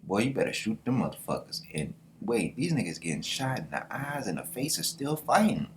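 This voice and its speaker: A man hosting a casual manga reaction vlog, excited and slangy, swearing freely. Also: fairly low pitch, fairly quick, a little hiss or hum. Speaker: manga reaction channel host.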